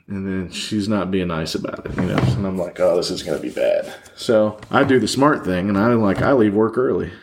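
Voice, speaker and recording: A man's voice: low-pitched, a little hiss or hum. A man as a podcast guest, telling a candid personal story in a rambling way with many fillers, sitting across a table from the host.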